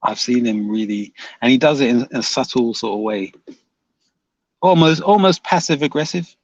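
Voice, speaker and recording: A man's voice: medium pitch, moderate pace, no room sound, highs cut off. A man hosting a casual livestream, reading viewer comments aloud and teasing them, laughing often.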